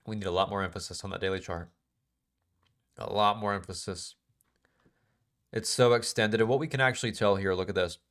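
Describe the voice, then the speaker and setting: A man's voice: fairly low pitch, steady tone, a little fast, long pauses, fairly bright tone. A man teaching a live trading class in a casual, emphatic way, repeating phrases and asking the class questions. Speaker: trading instructor.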